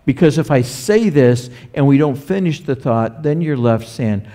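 A man's voice: mid-range voice, animated, moderate pace, mellow. A man preaching a sermon as a pastor, talking conversationally and putting rhetorical questions to the congregation.

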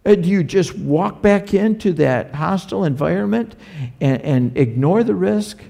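A man's voice: high-pitched, animated, unhurried, vocal fry, mellow. A man preaching a sermon as a pastor, talking conversationally and putting rhetorical questions to the congregation.

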